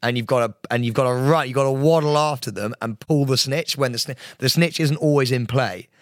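Excitable man, dry close mic. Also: medium pitch, a little fast, no room sound. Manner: excitable, playful, talks in run-on explanations. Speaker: podcast co-host. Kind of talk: casual banter.

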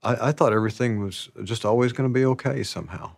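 A man telling stories about his past in a slow, rambling, casual way, laughing often. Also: mid-range voice, vocal fry, a little mellow, no room sound, clean studio sound. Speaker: interviewee. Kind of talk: casual storytelling.

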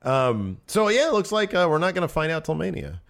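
A man co-hosting a podcast, recapping wrestling in casual chat, animated and prone to laughing and trailing off mid-sentence. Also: a little high, fairly quick, gravelly.

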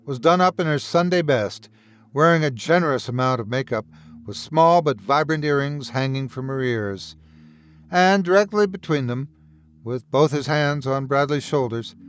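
A man hosting a podcast, narrating horror stories in a measured, expressive way. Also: on the high side. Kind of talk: dramatic horror story narration.

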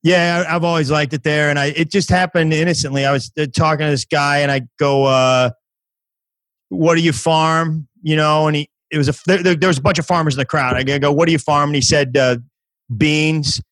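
A man with a slightly raised speaking pitch rambles through his stories, poking fun at himself as he goes. He talks loosely, the way a comedian does on a podcast. The sound is dry and close, with no room echo. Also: fairly even intonation, fast talker, hardly any pauses, a bit bright. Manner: rambling, self-mocking storytelling. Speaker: guest comedian. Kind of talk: casual podcast chat.

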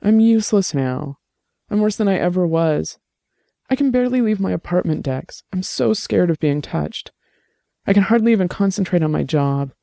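A man voicing a shaken young woman who speaks softly and haltingly, close to tears. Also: high voice, animated, vocal fry, no echo, pitched above the performer's own voice. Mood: fragile, tearful. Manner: soft, halting, tearful.

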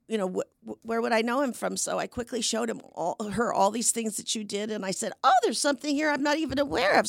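An older woman in her seventies tells anecdotes with lively energy, slipping into voices for the people she quotes. Her voice sits a little high and sounds dry and close, with no room around it. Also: no room sound. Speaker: podcast guest, actress. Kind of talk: storytelling in a conversation.

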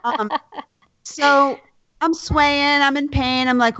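A young woman telling a personal story in casual chat, candid and lively, swearing freely. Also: sits high, slow pace, no echo. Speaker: guest telling her birth story. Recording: dull, dry sound.

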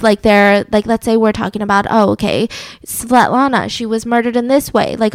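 A woman co-hosting a casual podcast, telling a true crime story with lively acted-out quotes and frequent swearing. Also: on the high side, no echo. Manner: animated storytelling, acts out quotes, swears freely. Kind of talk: casual chat.

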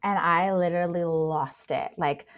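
A woman's voice: fairly low pitch, a little slow. A young woman, a plus-size model, telling her story in a casual interview, gushing and full of filler words. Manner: gushing, filler-heavy, excitable.

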